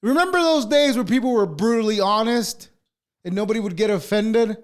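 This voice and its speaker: Dude with a super high voice ranting on a podcast, swears nonstop, gets heated. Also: male voice, a little fast. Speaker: podcast co-host. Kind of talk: casual podcast rant.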